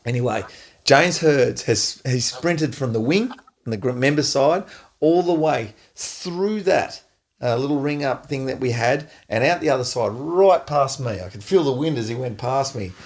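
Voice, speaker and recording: A middle-aged Australian man hosting a podcast, an animated storyteller who laughs often. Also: mid-range voice, normal speed. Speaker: podcast host, former footballer. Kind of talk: casual storytelling chat.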